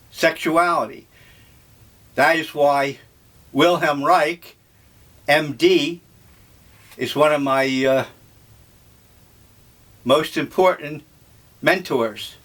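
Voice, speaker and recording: Slow, musing older man. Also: on the high side, fairly bright tone. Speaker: vlogger. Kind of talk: rambling breakfast monologue.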